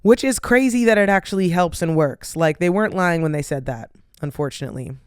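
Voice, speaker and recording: Young woman podcast host, tired and yawning, loose rambling chat; very smooth, resonant tone, dry close sound. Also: on the low side, brisk, dry recording. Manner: rambling, lots of "like" and "um". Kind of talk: casual solo chat.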